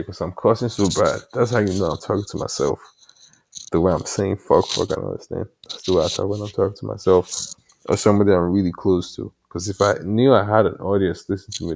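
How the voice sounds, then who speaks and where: A man's voice: sits low, fast, creaky, a little mellow. A man with an African accent, rambling casually to himself while coding late at night, with many fillers and mild cursing, his headset mic sitting far from his mouth. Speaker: developer vlogger. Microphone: headset mic held far from mouth.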